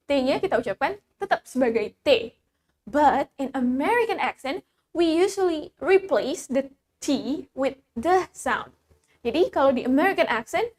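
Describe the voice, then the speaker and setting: High-voiced woman teaching pronunciation. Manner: repeats each word slowly, switching between English and Indonesian. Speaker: English teacher. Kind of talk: pronunciation lesson.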